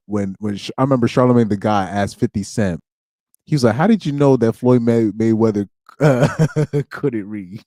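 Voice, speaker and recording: A man's voice: on the low side, a little mellow, no echo, clean studio sound. A young man streaming alone, chatting casually in slang, rambling and laughing as he goes. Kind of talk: casual chat.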